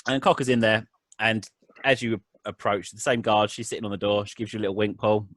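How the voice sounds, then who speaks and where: Low-pitched male GM, loose and meandering, recorded dry. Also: little pitch movement, a little fast, fairly bright tone, no echo. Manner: rambling, full of ums and restarts. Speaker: game master. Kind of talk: narrating a tabletop game.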